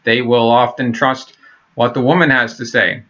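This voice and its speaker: A man's voice: mid-range voice, flat delivery, normal speed, fairly bright tone, muffled recording. A man in his thirties talking in a rambling, blunt casual monologue, full of fillers, restarts and swearing. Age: 30s. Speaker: vlogger.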